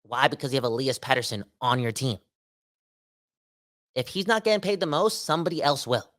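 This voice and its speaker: A Canadian man in a casual solo podcast rant. His pitch sits at a middle height, and he delivers his points with energy, slang and emphatic repeats. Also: fairly quick, a bit bright. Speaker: podcast host.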